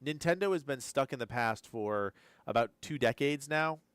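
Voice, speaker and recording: A man's voice: mid-range voice, lively intonation, normal speed, fairly bright tone, clean tone, no echo. Drowsy, rambling male streamer. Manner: rambling, repeats words while thinking aloud. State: drowsy, keeps yawning. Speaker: gaming news streamer. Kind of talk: live-stream reaction commentary.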